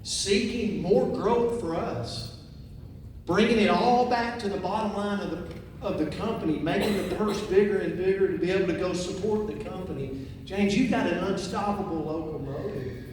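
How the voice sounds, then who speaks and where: A man's voice: high-pitched, normal speed, a little mellow. A man giving a fervent motivational stage speech at a company conference, rallying the crowd. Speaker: keynote speaker at a company conference. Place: large conference hall on stage. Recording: echoey hall, far from the mic, with crowd. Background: crowd noise.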